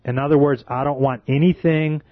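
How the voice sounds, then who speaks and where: A man's voice: fairly high pitch, steady tone, a little fast, no room sound. Man, sermon-style warning, pleading, earnest, dry, muffled lo-fi sound. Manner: earnest, pleading, repeatedly addresses listeners as folks. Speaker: self-described watchman preacher. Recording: dry, dull lo-fi recording.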